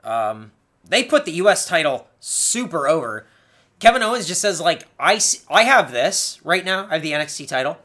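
A young man co-hosting a casual podcast, chatting fast and acting out lines in a playful, animated way. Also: fairly high pitch. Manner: animated, quick quips, acts out wrestlers' lines. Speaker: podcast co-host. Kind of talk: casual chat recapping wrestling.

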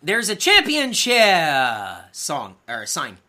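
A man co-hosting a podcast, recapping wrestling matches in casual chat and acting out the wrestlers' lines in loud bursts. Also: on the high side, wildly swooping pitch, slow pace. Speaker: podcast co-host.

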